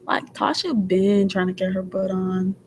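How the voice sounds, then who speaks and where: A woman's voice: mid-range voice, measured pace, a little mellow, slight background noise, rough recording. A young woman in casual chat, talking bluntly and profanely. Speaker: co-host.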